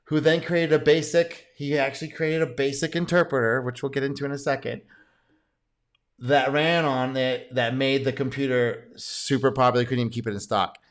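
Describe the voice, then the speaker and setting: Chatty male course host, informal commentary, quick self-corrections. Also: mid-range voice, steady tone. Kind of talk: casual commentary over archive clips.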